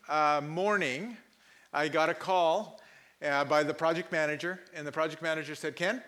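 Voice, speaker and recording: Pastor mid-sermon, animated storyteller, bright and a touch high. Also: male voice. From Pakistan. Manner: animated, laughing, acts out quoted people loudly.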